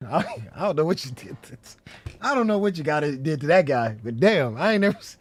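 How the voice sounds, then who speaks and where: A man hosting a loose, chatty livestream in a fairly high voice that swings up and down a lot. He rambles, swears freely and keeps laughing at his own stories. The sound is close and dry, with no room around it. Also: lively intonation, normal speed, long pauses, dry recording. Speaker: livestream host. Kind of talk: casual livestream commentary.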